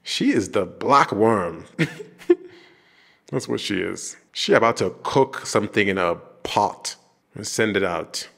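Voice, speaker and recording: Joking man reacting, low voice. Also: slow pace, vocal fry. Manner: animated, jokey, laughs often and acts out characters in funny voices. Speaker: reaction video host. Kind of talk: casual reaction commentary.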